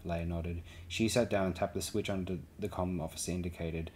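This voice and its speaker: Deep-voiced man reading an audiobook. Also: level tone, normal speed, hardly any pauses, darkish tone, a little hiss or hum. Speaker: audiobook reader. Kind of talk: audiobook narration.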